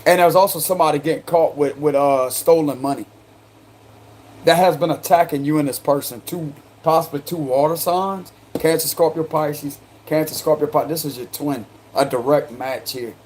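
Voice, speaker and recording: A man's voice: fairly high pitch, normal speed, a little mellow, slight background noise. A man with a South Carolina accent doing a casual tarot card reading, slangy and chatty, breaking into laughter. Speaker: tarot reader.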